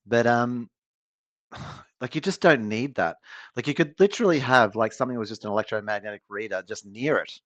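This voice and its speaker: A man's voice: medium pitch, fairly quick, no echo, dull audio. A man co-hosting a casual chat show, telling rambling stories and laughing often. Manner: rambling, laughing, animated storytelling. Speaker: podcast co-host.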